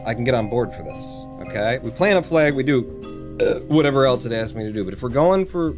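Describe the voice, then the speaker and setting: A man live-streaming a space game, thinking aloud, reading chat and swearing casually. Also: medium pitch.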